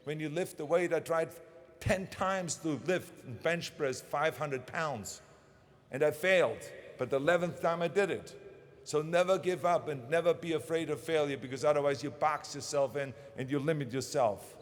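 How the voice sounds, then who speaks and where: A man with a German accent gives a commencement speech in firm, punchy bursts, stressing every goal he names. His voice sits a little high for a man. The sound carries a long reverb, as if his voice booms through a big venue's speakers. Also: moderate pace. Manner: emphatic, punchy short phrases.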